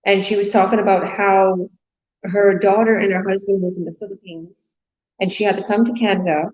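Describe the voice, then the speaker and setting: A woman's voice: medium pitch, fairly even intonation, normal speed, darkish tone, lo-fi sound. Effusive chatty woman webinar host. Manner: chatty, effusive, many fillers. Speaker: business coach hosting a webinar. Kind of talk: live webinar chat.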